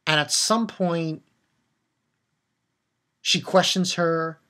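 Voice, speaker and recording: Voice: medium pitch, drawn-out words, bright, forceful tone. Rambling, emotional anime episode recapper. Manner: rambling, with frequent restarts and fillers; emotional and emphatic about the story. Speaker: anime reviewer.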